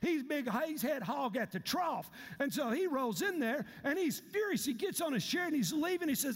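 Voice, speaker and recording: A male pastor, preaching an animated, humorous sermon. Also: extremely high pitch, moderate pace, few pauses, long reverb tail. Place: church sanctuary.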